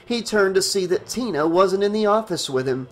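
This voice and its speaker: A man's voice: high voice, lively intonation, normal speed, faint music behind. Man narrating a horror audiobook.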